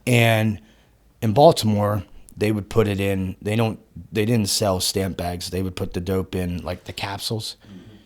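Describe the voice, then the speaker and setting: Excitable man telling a wild story. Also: lowish voice, unhurried. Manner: excitable, swears often, laughs mid-sentence, acts out dialogue. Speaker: podcast guest. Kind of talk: animated storytelling.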